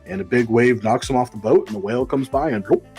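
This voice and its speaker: Casting: male comic podcast co-host, mid-pitched, loose casual chat, faint music under it. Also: quick pace, a little mellow. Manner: rambling retelling with many ums and likes.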